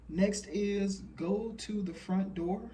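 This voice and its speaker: A man's voice: high voice, slow, mellow, distant mic, slight background noise. A man in his thirties giving a casual, rambling monologue full of fillers and blunt profanity. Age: 30s. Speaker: channeler sharing messages.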